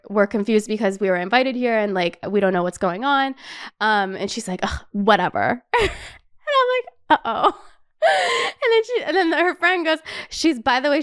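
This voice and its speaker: High, smooth-voiced young woman telling a story. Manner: animated, swears a lot, says "like" constantly. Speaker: podcast host. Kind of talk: casual storytelling chat.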